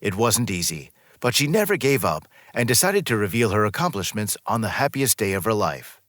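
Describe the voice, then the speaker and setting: Reading a scripted story at a brisk clip, a man with a low voice lets his pitch climb and dip with lively movement. The delivery stays smooth and even, miked closely in a dry space without any room echo.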